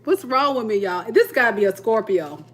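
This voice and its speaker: A woman's voice: medium pitch, animated, normal speed, a bit bright, soft background music. A woman giving a live tarot reading, talking playfully to her viewers and often breaking into laughter. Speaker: tarot reader.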